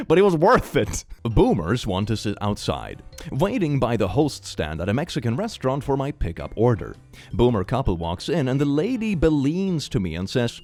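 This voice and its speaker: A man hosts a reaction show and reads posts aloud in a playful, theatrical way. His pitch swings widely and often jumps up into excited squeals. Soft music plays faintly behind him. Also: moderate pace. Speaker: host. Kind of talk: reaction commentary reading posts.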